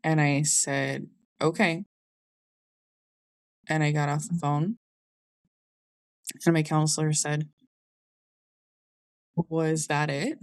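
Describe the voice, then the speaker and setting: Low, slow-talking woman telling her story. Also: level tone, smooth, dry recording. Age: young adult. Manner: candid, conversational, Southern 'y'all'. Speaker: podcast host. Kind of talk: personal storytelling.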